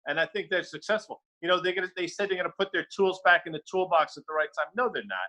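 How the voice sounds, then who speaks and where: Bright, wry man co-hosting a chat. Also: sits high, fast, poor audio. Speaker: podcast co-host. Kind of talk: casual market chat.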